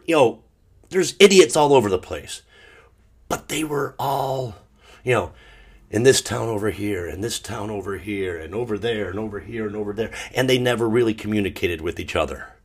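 Deep husky man, low and sad. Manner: rambling and emotional, restarting often, with sudden loud outbursts. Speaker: podcast host. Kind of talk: casual solo monologue.

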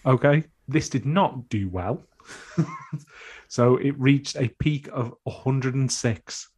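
A man's voice: medium pitch, slow, a little mellow, breathy edge. A man co-hosting a music podcast, chatting casually in a dry, opinionated, sweary way. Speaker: podcast co-host.

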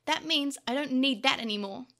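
A woman voicing a small storybook boy, high and piercing, bright-toned. his voice cracks between hurt shock and cold flat anger, stubborn and shrill, as a child pushed too far. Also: drawn-out words, full character voice.

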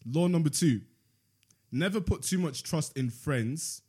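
A man's voice: on the high side, expressive, dark tone, slightly rough. A man hosting a casual chat, reading passages aloud and debating them with friends. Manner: playful, laughs often, reads in a measured voice. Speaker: podcast host reading from a book.

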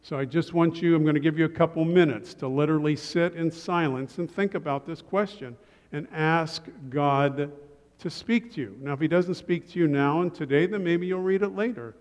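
Man, pastor, sermon, slightly high voice, joking asides, long reverb in a church hall. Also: normal speed. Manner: relaxed, joking asides to the congregation. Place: church sanctuary.

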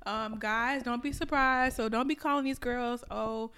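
A young woman with a high voice, talking in a loose, casual podcast chat. She tells stories in an animated way and swears freely. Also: unhurried. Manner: animated, profane storytelling. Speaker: podcast co-host.

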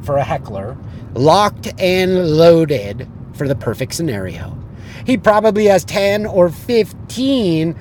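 Give me a blunt man coaching on sales, with a lively storytelling manner and a slightly high voice. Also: a little hiss or hum. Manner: animated storyteller who acts out the people he quotes; blunt and profane. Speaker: business coach.

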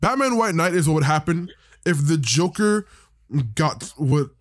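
A man's voice: fairly high pitch, animated, unhurried, no room sound, studio quality. A man hosting a podcast, casually recapping a comic in a rambling, profane way and briefly putting on voices for the characters. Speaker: podcast host.

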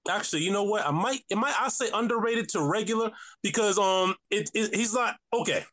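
A man's voice: high-pitched, a little fast, fairly bright tone. A man co-hosting a podcast in casual chat, hesitating and changing his mind as he talks. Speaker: podcast co-host.

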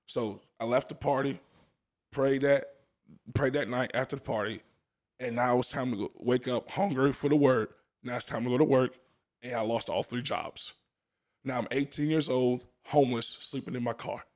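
A man's voice: medium pitch, normal speed, darkish tone. Young man telling his story earnestly. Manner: earnest storytelling, laughs often, restarts. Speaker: guest sharing testimony. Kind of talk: casual testimony chat.

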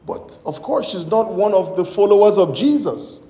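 A man's voice: high-pitched, big pitch swings, normal speed, dark tone, roomy sound. A man preaching a sermon as pastor, telling a story with acted-out quotes and emphatic exclamations.

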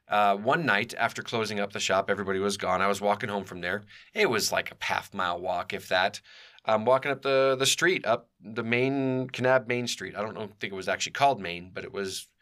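A man's voice: on the low side, pushed and bright. A man in his forties telling personal stories in a rambling way, with many fillers and restarts. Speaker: podcast host. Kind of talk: personal storytelling.

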